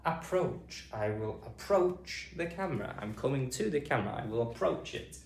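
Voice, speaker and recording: A British man teaching phonics to adult learners, sounding out words slowly and clearly to the camera. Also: distant mic. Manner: slow, drawn-out sounding-out of words with lively pitch. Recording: roomy echo, voice off-mic, faint ambience.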